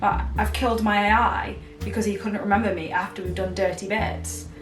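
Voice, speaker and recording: A woman's voice: medium pitch, fairly even intonation, brisk, echoey room, distant mic, over music. A young woman vlogging casually, chatty and dramatic, swinging between outrage and giggles. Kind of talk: casual vlog chat.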